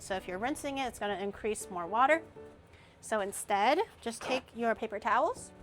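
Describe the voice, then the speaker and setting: A young woman streamer chatting casually and rambling as she cooks, with loud playful outbursts. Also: fairly high pitch. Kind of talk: casual cooking stream chat.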